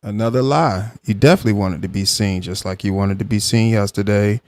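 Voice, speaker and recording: A man hosting a live reaction stream, arguing with a guest and then calmly explaining his side to the chat. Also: fairly low pitch, brisk, no room sound, studio quality. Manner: argumentative, calm when explaining to chat.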